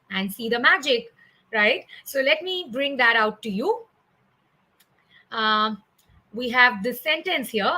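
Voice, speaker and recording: A woman's voice: on the high side, lively intonation, slow, pauses often, pushed and bright, rough recording. A woman with an Indian English accent teaching comedy in a live online class, explaining step by step and often checking in with "right?". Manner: explanatory, frequent "right?" tag questions and "uh" fillers.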